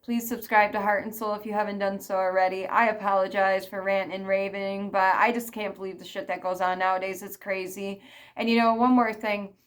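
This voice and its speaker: A woman's voice: mid-range voice, little pitch movement, a little fast. A middle-aged woman ranting in a vlog monologue, emphatic and repetitive, often checking in with "okay?". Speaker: vlogger.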